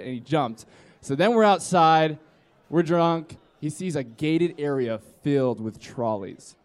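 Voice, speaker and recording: A man's voice: fairly high pitch, normal speed. Man in his twenties telling a rowdy story. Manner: rambling, acts out voices of friends. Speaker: storyteller at a live comedy podcast. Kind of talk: live comedic storytelling. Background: live audience laughter.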